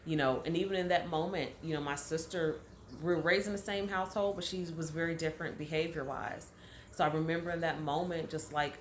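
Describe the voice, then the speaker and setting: A woman's voice: deep voice, fairly even intonation, brisk, a little hiss or hum. A woman coaching her audience, telling a candid personal story in a conversational way with emphatic repetition. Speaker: life coach.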